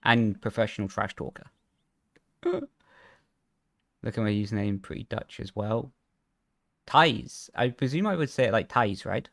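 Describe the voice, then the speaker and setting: A young man streaming a racing game from his home rig, chatting casually and rambling as he reads chat aloud, with a flat intonation, into a headset mic. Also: lowish voice, a little slow, vocal fry, pauses often. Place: home sim rig room.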